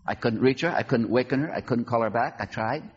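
A man's voice: a little fast, husky, dull audio. A man preaching as a pastor, telling a story dramatically and acting out the voices of the people in it. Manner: dramatic, acts out quoted voices with big pitch swings. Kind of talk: sermon storytelling.

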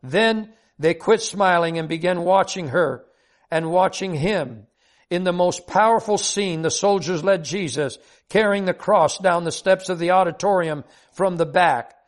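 An older man with a notably high voice tells a heartfelt devotional story in an earnest, sincere way. He reads it at a steady pace with deep feeling. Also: unhurried. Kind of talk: devotional personal story reading.

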